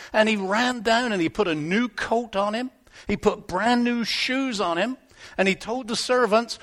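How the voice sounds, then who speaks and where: High-voiced pastor man telling kids a bible story, lots of questions to them. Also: moderate pace. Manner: animated, asks the children questions. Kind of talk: children's sermon storytelling. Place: church.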